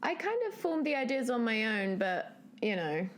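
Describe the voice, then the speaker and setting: A young woman co-hosting a podcast in casual chat, with a dry, deadpan, teasing way of talking. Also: fairly high pitch, normal speed, a little hiss or hum. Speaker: podcast co-host.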